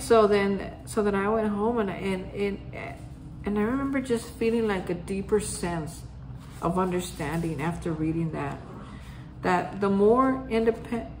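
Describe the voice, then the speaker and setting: A woman's voice: mid-range voice, slight background noise. Woman sharing a roomy spoken reflection. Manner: storytelling, acts out remembered conversations. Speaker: host of a daily reflection. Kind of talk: casual personal reflection. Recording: roomy echo.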